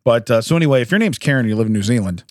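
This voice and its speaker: A man hosts a podcast in a relaxed, chatty way, his voice swinging widely up and down in pitch. He often laughs and clears his throat between stories. The sound is dry and close. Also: rapid-fire, no echo. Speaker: podcast host. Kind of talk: casual chat, recounting news stories.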